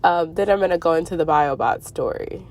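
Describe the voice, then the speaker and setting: A congested woman telling a long, rambling story in a casual monologue, full of fillers and slow stretched words. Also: lowish voice, darkish tone. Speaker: spiritual YouTuber. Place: Arizona.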